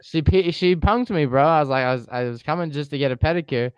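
Young dude on a podcast, clean smooth voice, super dry close mic, just chilling and telling a funny story. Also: male voice, a little high, quick pace, no echo, muffled recording. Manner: laid-back storytelling, laughs often, swears. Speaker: podcast co-host. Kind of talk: casual chat.

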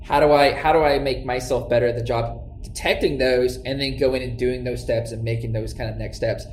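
A man's voice: medium pitch, fairly even intonation, a little fast, darkish tone. A man, a tech company co-founder, explaining his business in an interview and often restarting his sentences. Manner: stammers on starts, talks through explanations. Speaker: tech startup co-founder and CEO. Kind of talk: conversational interview. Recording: echoey room with faint noise.

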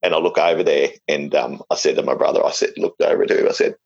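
A man's voice: extremely low pitch, quick pace, creaky, darkish tone, lo-fi sound. A middle-aged man with an Australian accent, casually telling a jokey, rambling story as an interview guest, full of fillers and restarts.

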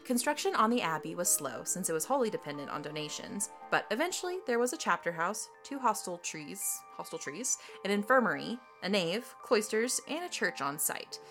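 A woman co-hosting a podcast, reading history facts in a lively way with jokey asides and laughter. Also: mid-range voice, fairly quick, hardly any pauses, faint music behind. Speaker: podcast co-host. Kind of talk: casual scripted podcast chat.

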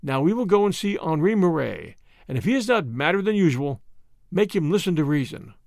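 A man's voice: on the high side, sing-song, a little fast, vocal fry, a little mellow, dry recording, studio quality. A man voicing a stern older Boer commandant who speaks in a firm, authoritative way. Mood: brisk.

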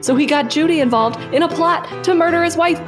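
A woman's voice: very high voice, brisk, music in the background. A young woman co-hosting a podcast, recapping a film in playful, laugh-filled casual chat. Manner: laughs often, playful, acts out characters in quotes. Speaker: podcast co-host.

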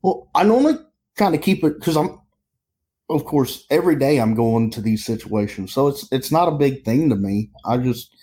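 A sheriff's deputy recounts a call in an interview. His voice is mellow and relaxed, and he talks haltingly, repeating and restarting his words. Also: medium pitch. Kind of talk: interview storytelling.

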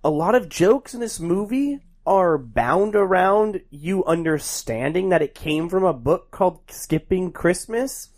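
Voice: medium pitch, expressive, a little slow, few pauses. A podcast co-host's voice swings up and down a lot as they chat casually. They gripe wryly and sarcastically about a movie and keep laughing along the way. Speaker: podcast co-host.

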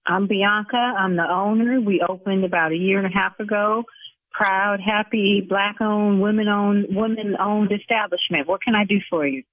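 A woman's voice: medium pitch, steady tone, moderate pace, no room sound. A woman from the South Side of Chicago, a salon owner who speaks in an indignant, exasperated, defensive way and swears, over the phone. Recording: tinny phone line.

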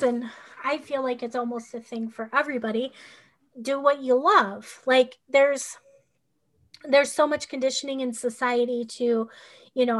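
A woman with a high-pitched, somewhat bright voice talks casually in a podcast conversation about her work as a human design coach. She rambles, filling her speech with "like" and "you know," and drops an occasional sarcastic aside.

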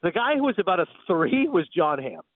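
A man from Canada, a guest broadcaster, telling animated, excitable anecdotes in a rapid-fire radio storytelling style. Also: high voice, no echo. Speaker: guest sports and film broadcaster. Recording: tinny phone-like line.

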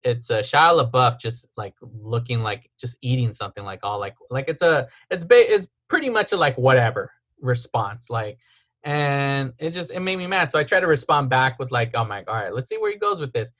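A man's voice: medium pitch, lively intonation, moderate pace, a bit bright. Aggrieved man ranting about a dispute. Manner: aggrieved, retelling texts with filler "like". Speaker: podcast host. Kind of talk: casual storytelling rant.

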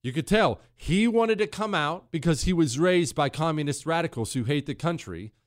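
A man's voice: on the high side, lively intonation, moderate pace, no room sound, studio quality. A man hosting a talk radio show, brash and sarcastic in his opinions and reading ads in the same brash way. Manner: brash, sarcastic, mocking impressions.

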